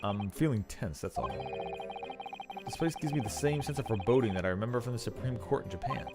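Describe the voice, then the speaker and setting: A man's voice: mid-range voice, brisk, voice pushed down, lightly acted. A man voicing a young lawyer in a game, speaking in a hesitant, uneasy way. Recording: game music behind.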